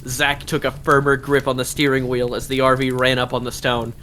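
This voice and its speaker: A man's voice: medium pitch, monotone, a little fast, bright, forceful tone. A man telling a long story at a campfire to friends, playful, defending his pun. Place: outdoors by a campfire. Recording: faint background noise.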